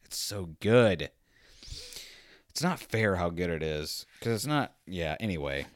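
Man, low voice, dry close recording, casual podcast monologue, rambling, animated. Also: unhurried, no room sound. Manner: rambling, animated, acts out quotes. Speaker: podcast host.

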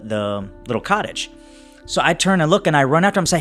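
A man's voice: fairly high pitch, lively intonation, soft background music. Man narrating his tabletop character. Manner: halting, many restarts while describing scenes. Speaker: player.

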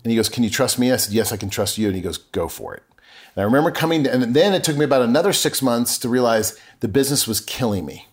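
A man's voice: mid-range voice, expressive, rapid-fire, few pauses. A middle-aged man talking as a podcast guest, telling a personal story earnestly and acting out remembered conversations. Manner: earnest, acts out remembered dialogue.

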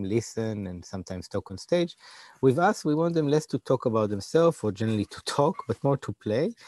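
A man's voice: medium pitch, warm tone, dry recording. A young man answering interview questions, often searching for words and restarting his phrases. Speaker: interview guest, digital community organizer.

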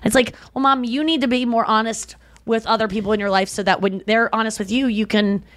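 Slightly high and steady, this woman's voice moves fairly quickly with no echo. Co-hosting a podcast, she chats casually and tells stories, performing the voices of the people she quotes.

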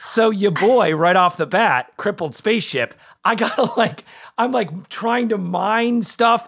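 A man co-hosting a casual gaming chat show, excitable and rambling, his voice leaping up when he gets animated. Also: high voice, measured pace. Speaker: podcast co-host.

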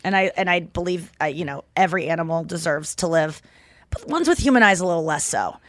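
Animated woman in casual comedic chat. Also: lowish voice, fast talker. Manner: animated, jumps into squealing voices for quotes. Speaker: podcast co-host.

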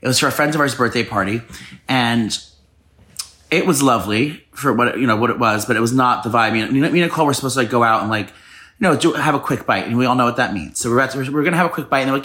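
Casting: male podcast co-host, quick rambling storyteller, bright voice. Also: medium pitch. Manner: rambling storytelling with lots of swearing and restarts. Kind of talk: casual chat.

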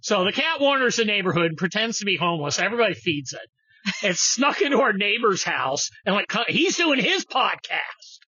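A man hosting a podcast in a loose, profane rant, mocking and jumping between topics. His pitch swings widely and his tone is bright, with a slightly husky edge. The sound is dry and a little dull, as if recorded at lo-fi quality. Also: big pitch swings, normal speed, dry recording. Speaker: podcast host. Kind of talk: casual ranting chat.

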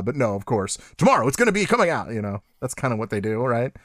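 Animated man chatting about games. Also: medium pitch, quick pace, no echo, studio quality. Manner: animated, laughing, mimics voices in quotes. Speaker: podcast co-host. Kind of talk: casual gaming chat.

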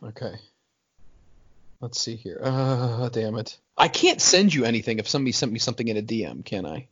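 A man's voice: medium pitch, expressive, a little fast, slightly rough, lo-fi sound. A man hosting a casual chat over a video call, exasperated, teasing and swearing.

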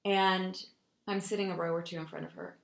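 Animated woman telling stories. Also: fairly low pitch, a little fast, roomy sound. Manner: animated, emphatic storyteller. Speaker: podcast host. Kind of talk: casual storytelling chat.

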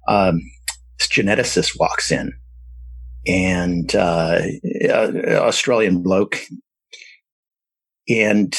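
A man telling a personal story about fertility struggles and adopting, halting often with fillers and restarts. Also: low voice, breathy edge, poor audio. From San Diego area. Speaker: adoptive parent sharing his story.

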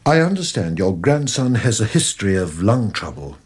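Brief: a sombre doctor, husky, expressive pitch, 1940s radio acting. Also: male voice. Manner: measured, courteous, sombre. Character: grave family doctor, calm and formal.

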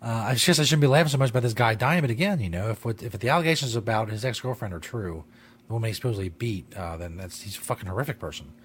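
Husky, rambling male talk host. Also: medium pitch, expressive, racing. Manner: rambling, profane, laughs at his own jokes. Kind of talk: casual comedic talk show. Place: studio.

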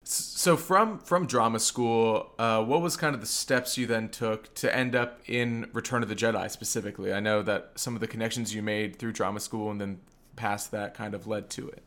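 A man's voice: on the low side, fairly even intonation, normal speed, fairly bright tone. Eager male podcast host. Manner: eager, enthusiastic, some repeated starts. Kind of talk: podcast interview.

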